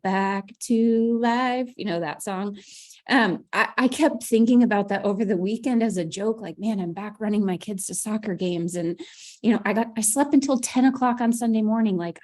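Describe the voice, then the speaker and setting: A woman's voice: medium pitch, a little mellow. A woman leading an evening video call with her team, giving a casual, upbeat pep talk. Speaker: team leader hosting a business call.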